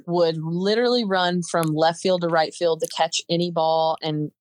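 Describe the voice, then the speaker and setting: A woman in her twenties, a softball player chatting as a podcast guest in quick, filler-laden bursts. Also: on the low side, steady tone. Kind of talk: casual interview chat.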